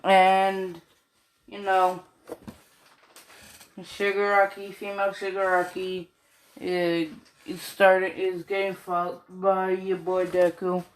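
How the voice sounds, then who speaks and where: A woman's voice: medium pitch, monotone, slow pace, pauses often. A tired woman rambling casually in slang and swearing as she retells a fan story late at night.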